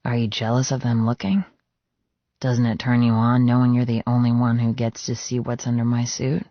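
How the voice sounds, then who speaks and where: A man voicing a brooding, possessive biker president in a suit, speaking low, intimate and teasing. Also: completely flat delivery, normal speed, dry recording, lightly acted. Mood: seductive. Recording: dull, lo-fi dry studio read.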